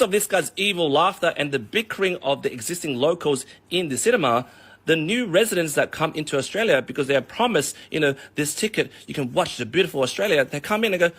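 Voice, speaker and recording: A man on a comedic, profane rant, telling a long analogy in an animated way. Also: a little high, brisk, breathy edge. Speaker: vlogger.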